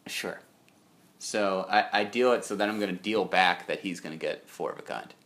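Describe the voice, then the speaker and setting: This young man co-hosts a laid-back chat show, telling a long, meandering anecdote and quoting others in his own voice. His voice is low and a bit bright, at normal speed.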